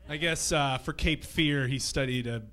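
A man's voice: mid-range voice, moderate pace, bright, forceful tone, slight background noise. A man doing stand-up comedy on a theatre stage, telling loose, profane stories to a live audience. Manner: loose, profane anecdotal storytelling. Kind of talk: stand-up set.

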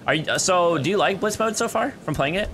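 A man hosting a live-streamed game, chatting with a teammate and viewers, laughing often and excitable. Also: high voice, quick pace, a little hiss or hum. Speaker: streamer and gaming host. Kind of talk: live-streamed gameplay chat.

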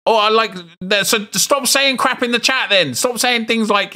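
A man's voice: sits high, normal speed, few pauses. Guy streaming packs, talks to chat, voice jumps all over when hyped. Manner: chatty, reads chat aloud, gets loud and excited at good pulls. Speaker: gaming streamer. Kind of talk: live stream commentary opening game packs.

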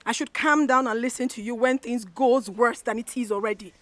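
A woman's voice: fairly high pitch, fairly even intonation, a little fast, fairly bright tone, dry recording, lightly acted. An actress with a Nigerian accent playing a weary young wife, emotional and pleading with her mother. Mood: upset. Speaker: unhappy wife.

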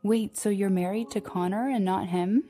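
A woman's voice: mid-range voice, normal speed, dark tone, faint music behind, lightly acted. A woman reading the part of a worried middle-aged mother with a questioning manner. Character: anxious middle-aged mother, long asleep.

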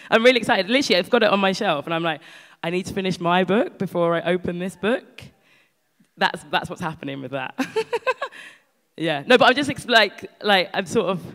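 A woman's voice: deep voice, fairly bright tone, in a large hall. A woman author at a live bookshop event, telling anecdotes in a chatty, laughing way and then performing a spoken-word poem in a rhythmic, rising chant. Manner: chatty and laughing, with repeated filler "like".

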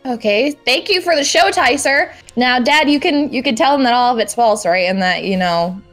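Exasperated high-voiced woman. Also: animated, a bit bright, faint music behind. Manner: exasperated, quick reactions. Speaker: roleplay player character. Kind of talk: comedic Minecraft roleplay.

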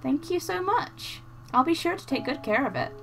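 A woman's voice: high voice, animated, normal speed, gravelly, fairly bright tone, voice pushed up, heavily acted. A woman doing a sweet, gushing little girl. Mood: delighted. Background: game music.

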